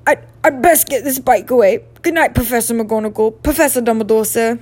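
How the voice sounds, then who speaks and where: A woman voicing a huge, soft-hearted bearded male giant with a rough, gentle manner. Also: mid-range voice, fairly even intonation, normal speed, natural voice. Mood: choked up. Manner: rough gentle gruff, tearful at times.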